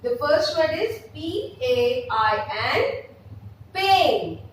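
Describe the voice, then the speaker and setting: Pre-primary teacher, Indian English accent, spells words slowly for small children, recorded at a distance in a roomy, echoey classroom. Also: female voice, high-pitched, very animated, a little hiss or hum. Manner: slow, spelling words letter by letter, then repeating them with emphasis. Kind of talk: online phonics lesson at a blackboard. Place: classroom with a blackboard.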